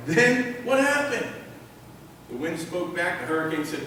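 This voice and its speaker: A man's voice: high voice, big pitch swings, measured pace, fairly bright tone, slight background noise. A male pastor preaching a sermon, emphatic and repeating key phrases while asking the congregation questions. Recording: echoey hall from far off.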